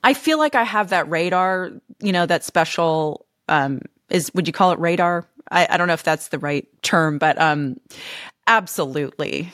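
A woman's voice: on the low side, moderate pace, fairly bright tone, no room sound, studio quality. A woman from Canada, talking in an upbeat, chatty way on a podcast and laughing easily. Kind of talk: casual podcast chat.

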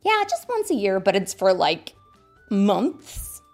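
A woman reading a children's story aloud in a playful, animated way, asking her listeners questions. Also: medium pitch, takes it slowly, faint music behind.

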